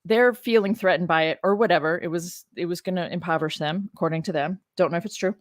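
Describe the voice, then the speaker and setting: A woman's voice: on the low side, fast talker, dry recording, clean studio sound. A woman who teaches religion, giving casual commentary on a scripture reading, emotional, exasperated and blunt. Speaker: religion professor.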